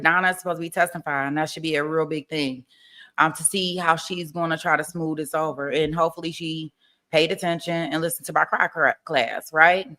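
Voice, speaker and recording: A woman hosting a casual livestream about a trial, talking in an animated way, laughing often and acting out mock testimony. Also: low-pitched. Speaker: true-crime trial commentary host.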